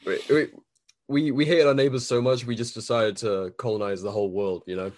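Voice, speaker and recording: A man in a loose, joking conversation, full of sardonic jabs. He trips over his words and repeats himself as he goes. His voice sits at a middle pitch for a man. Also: fairly even intonation, brisk, a little mellow. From Britain. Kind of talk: casual chat.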